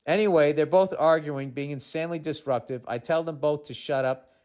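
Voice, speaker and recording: A man's voice: fairly high pitch, fairly quick, a little mellow. Sarcastic man reading a listener letter. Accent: Boston. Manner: sarcastic, exasperated asides, shifting between reading and ranting. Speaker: podcast host.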